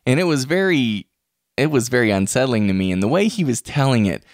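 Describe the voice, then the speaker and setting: A man hosts a podcast in chatty, casual conversation, laughing often, recorded on a podcast microphone with clean studio sound and no echo. His medium-pitched voice swings widely in pitch and moves fairly quickly.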